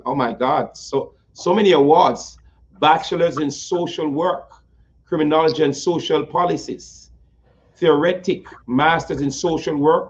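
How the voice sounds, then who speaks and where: A man's voice: fairly high pitch, darkish tone. Effusive, playful male host on a slightly muffled line. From United States. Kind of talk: interview talk show.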